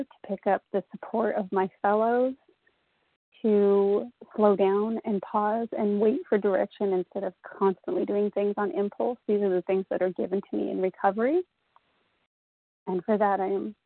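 A woman from Southwest Florida sharing her recovery story at a meeting, halting and emotional, with many pauses. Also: mid-range voice, no echo. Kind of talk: personal recovery share. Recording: tinny phone line.

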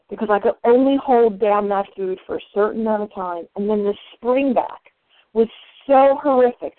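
A woman's voice: on the high side, dry recording. A woman sharing her own story at a recovery meeting, candid and confessional. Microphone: phone call. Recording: phone-line audio.

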